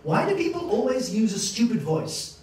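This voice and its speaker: A man lecturing to a class with a high, swooping voice that leaps around as he acts out his stories. He is heard from across a very echoey university room with faint ambience behind. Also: normal speed. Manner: animated storyteller, acts out scenes, laughs often. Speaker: lecturer giving a master class. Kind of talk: lively master-class lecture. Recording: echoey hall, distant mic.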